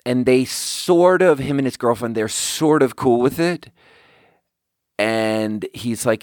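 Male podcast host, chatty storyteller, acts out the dialogue, mid-pitched, dry room. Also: measured pace, dry recording. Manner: animated, acts out quoted dialogue; rambling with frequent "like" fillers. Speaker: podcast host and bar manager. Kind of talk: casual storytelling.

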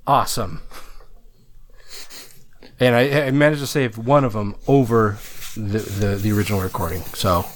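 A man's voice: lowish voice, fairly even intonation, a little fast. Rambling, cursing male podcast co-host. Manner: rambling, swears freely. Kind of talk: casual chat.

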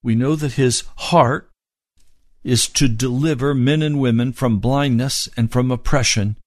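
A male preacher delivers a sermon, unpacking scripture phrase by phrase. He speaks slowly and deliberately at a middle pitch. The recording is dry and close. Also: no room sound. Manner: expository, explaining scripture word by word.

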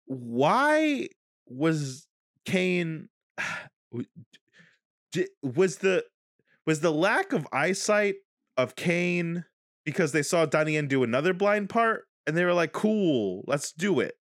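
A man co-hosting a podcast, talking casually about a movie, animated and laughing as he argues his point. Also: on the high side, slow, dry recording, clean studio sound. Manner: animated, laughs while arguing. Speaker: podcast co-host.

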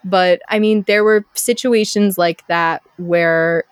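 Young woman guest, lively storyteller, lowish voice, dry close sound. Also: slow, clean tone, dry recording. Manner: animated, acts out quoted people. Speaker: podcast guest. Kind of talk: casual storytelling chat.

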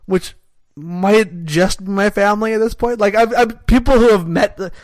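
With a high-pitched voice at a moderate pace, a Canadian co-host rambles through casual podcast chat, self-interrupting, restarting and leaning heavily on "like." There's no echo.

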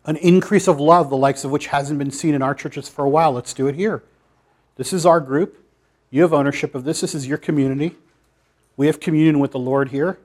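A man's voice: a little high, fairly even intonation, brisk. A man giving an informal sermon to a church group, conversational and challenging, with dry asides. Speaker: pastor. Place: church meeting room.

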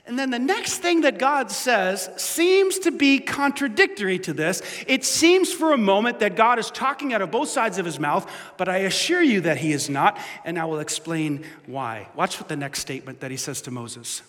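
A male pastor giving an animated, conversational sermon with playful asides, speaking in a church hall. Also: sits high, moderate pace, few pauses. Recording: echoey hall.

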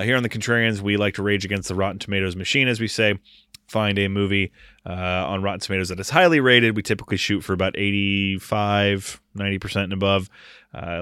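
A man's voice: on the low side, a bit bright, dry recording, studio quality. A man in his thirties hosting a podcast, talking casually in a rambling way with lots of filler. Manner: rambling, filler-heavy delivery. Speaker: podcast host.

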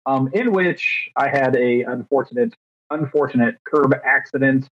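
A man's voice: mid-range voice, normal speed. A man of thirty co-hosting a podcast, telling rambling, self-deprecating stories with fillers in casual chat. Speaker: podcast co-host. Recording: dry, slightly dull podcast mic.

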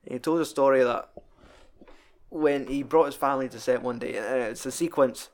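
A young man talks through a favorite film in relaxed podcast chat. He swears freely and laughs while retelling scenes. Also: mid-range voice, moderate pace. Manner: sweary, laughing, quotes film lines in put-on voices.

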